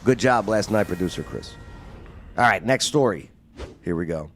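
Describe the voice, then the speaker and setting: Animated, joking man hosting a chat show. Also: lowish voice, moderate pace, slight background noise. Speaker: show host. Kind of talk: casual talk-show banter.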